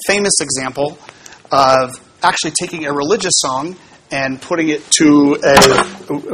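A man, a pastor, giving a relaxed teaching talk to his congregation about how hymns are built, explaining with fillers and small asides. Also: a little high, a little hiss or hum.

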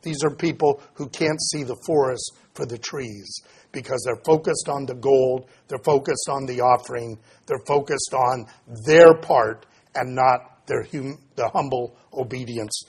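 A man preaching an expository sermon, reading scripture aloud and then explaining it with pauses and fillers. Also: medium pitch, slightly rough. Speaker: pastor.

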